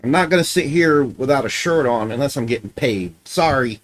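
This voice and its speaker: A man's voice: medium pitch, lively intonation, a little fast, low-quality recording. A man streaming a game, chatting casually, swearing freely, scolding his dog and joking with viewers. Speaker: gaming streamer.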